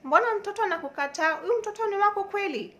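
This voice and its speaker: A woman voicing nosy middle-aged church women who scold her in a shrill, rapid, accusing way. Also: lively intonation, fairly bright tone.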